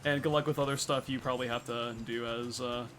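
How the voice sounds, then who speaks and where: A man's voice: mid-range voice, fairly even intonation, a little fast, fairly bright tone, soft background music. A young man streaming a speedrun, chatting casually as he thanks viewers and explains his game tactics. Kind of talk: casual livestream chat while speedrunning.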